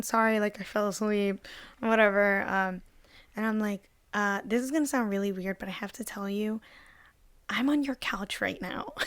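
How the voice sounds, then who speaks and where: Casual chat from a young woman with a mid-range voice who tells a story fast and lively, full of "like" fillers, acting out the others as she goes. The sound is close and dry, with no room around her. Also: medium pitch, no echo. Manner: animated, lots of "like" fillers, acts out voices in the story. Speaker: podcast co-host.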